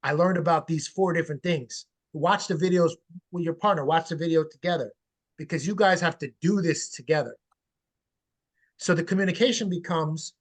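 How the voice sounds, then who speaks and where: High-voiced, animated male parenting coach. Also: moderate pace. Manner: animated and emphatic, blunt with casual swearing. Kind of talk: webinar interview answers. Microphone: video call.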